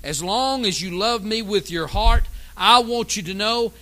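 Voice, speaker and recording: A man's voice: high-pitched, measured pace, bright, forceful tone, poor audio. A man preaching a sermon in a folksy, emphatic way, reading scripture aloud. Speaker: pastor.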